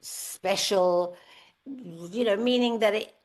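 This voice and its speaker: Woman, seventies, podcast guest, lively storyteller, middle pitch. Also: slow pace. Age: 70s. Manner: lively storyteller, acts out quoted voices. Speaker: guest singer. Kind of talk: candid podcast interview.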